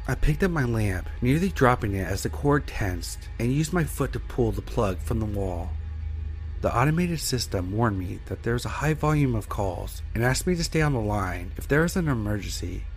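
A man reading a first-person horror story in a steady, measured way as narrator. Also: medium pitch, soft background music.

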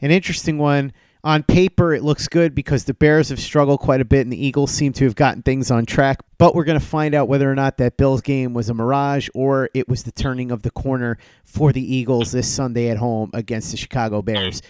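A male podcast host introducing segments and reading sponsor ads in a brisk, upbeat way. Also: medium pitch, fairly even intonation, darkish tone, clean tone, no room sound. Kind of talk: podcast hosting with sponsor reads.

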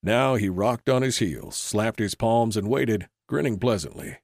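A man giving measured scripted narration of an old-west audiobook. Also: lowish voice, darkish tone, no echo. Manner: measured storytelling. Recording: dry close recording.

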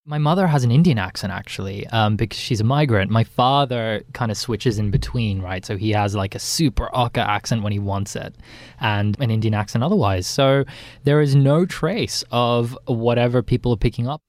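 A man's voice: mid-range voice, moderate pace, no room sound. Young man with an American-sounding accent. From Sydney, Australia. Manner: relaxed, conversational. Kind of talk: casual interview answers.

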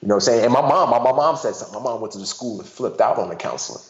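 A man, a guest and author, telling personal stories in an animated casual way, full of "you know" fillers. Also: mid-range voice, rapid-fire. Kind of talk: casual storytelling conversation. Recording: dull roomy sound.

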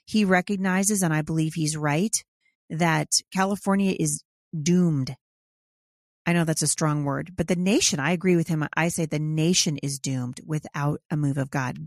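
A woman's voice: low voice, measured pace, gravelly, darkish tone, dry recording, clean studio sound. A woman hosting a talk podcast, speaking emphatically and preachily with frequent fillers, then leading a prayer. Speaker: podcast host.

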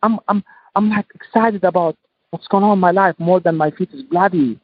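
On phone-quality audio without room sound, a high-pitched, breathy male voice talks fairly quickly. The speaker, a Tunisian entrepreneur appearing as a podcast guest, delivers his English with passion, repeating and stressing ideas.

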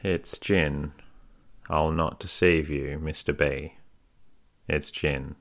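A man's voice: rumbling low, fairly even intonation, slow pace, exaggerated voice. A man voicing a fawning, scheming woman who looks after orphans, wheedling and overly humble, read as a bedtime story. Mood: coaxing.

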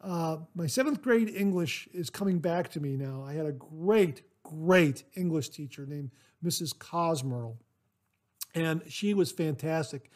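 High-voiced chatty man hosting a podcast. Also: measured pace. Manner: chatty, rambling, frequent "uh" fillers; warmly thankful and enthusiastic. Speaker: podcast host. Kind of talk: casual solo podcast, reading listener mail.

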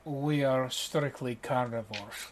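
A man's voice: medium pitch, slight background noise, lightly acted. A man voicing a polite, formal male beast-folk bathhouse keeper in a tabletop game. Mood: gracious. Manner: courteous, formal, measured.

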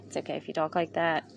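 Gravelly valley-girl woman podcaster. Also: fairly low pitch. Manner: rambling, heartfelt, valley-girl lilt. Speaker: podcast host. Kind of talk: casual personal monologue. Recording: noisy recording.

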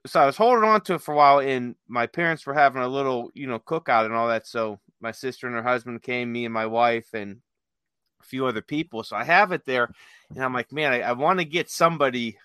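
Guy rambling thru a prank story, bright voice, kinda high, dry sound. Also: fast talker, smooth, no room sound. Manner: rambling storyteller, many fillers and restarts. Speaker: guest telling prank stories. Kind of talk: casual chat. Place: workplace with dispatchers.

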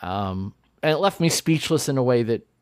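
A man hosting a podcast in casual chat, animated and rambling with restarts. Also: medium pitch, normal speed, clear, resonant tone, dry recording, clean studio sound. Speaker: podcast host.

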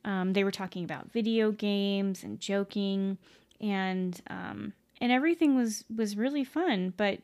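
A woman's voice: mid-range voice, a little slow, a little mellow. A woman casually telling a ghost story at home, rambling with many fillers, self-corrections and casual swearing. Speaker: podcast host.

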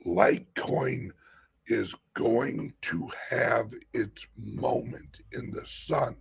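A man hosting a crypto channel in an impassioned vlog rant. He talks urgently, drops to hushed whispers, rises to shouts, and swears freely for emphasis. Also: medium pitch, steady tone, extremely slow, vocal fry, husky.

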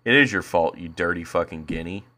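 A man's voice: sits low, brisk, sharp tone. A man co-hosting a podcast, chatting casually and making crude jokes. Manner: crude, joking. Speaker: podcast co-host. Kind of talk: casual chat.

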